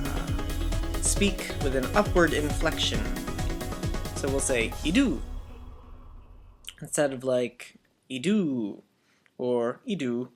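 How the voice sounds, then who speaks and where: A man teaches a language lesson to children at an unhurried pace, patiently spelling out words and pausing so learners can repeat them. His pitch sits in the middle of the male range. Faint music plays in the background. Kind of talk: slow classroom language lesson.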